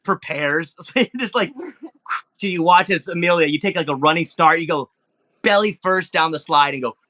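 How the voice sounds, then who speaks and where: A man narrating as game master, animated, with sound effects and lots of fillers. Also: fairly high pitch, moderate pace.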